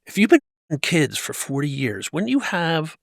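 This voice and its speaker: A motivational speaker from New Jersey, USA, appears as an interview guest on a podcast filmed in a tent set, telling a personal story intensely and emphatically with frequent restarts. His voice is fairly high and fairly bright, with huge pitch swings, vocal fry, and a slightly slow pace. The studio sound is clean, with no echo.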